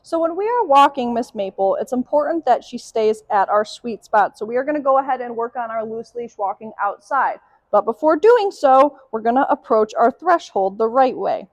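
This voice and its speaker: A young woman dog trainer calmly explaining leash and obedience drills during a demonstration. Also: dry recording. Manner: calm explanatory, sharp high commands to the dog. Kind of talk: instructional dog training demo.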